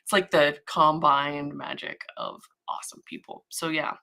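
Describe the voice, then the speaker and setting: A woman with a low-pitched but bright, forceful voice chats her way through a casual livestream. She rambles easily as she works, greeting people and humming little filler sounds to herself. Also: fairly even intonation, moderate pace, gravelly. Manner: chatty and rambling, hums filler sounds while working. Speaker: livestream host, model horse artist.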